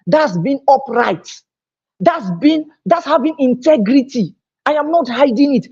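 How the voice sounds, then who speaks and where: Male teacher, husky voice, emphatic and repetitive, dull-sounding live-stream recording. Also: very high voice, darkish tone. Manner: emphatic, repeats key phrases. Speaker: online teacher. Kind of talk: live online lecture. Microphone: own microphone, recorded on camera.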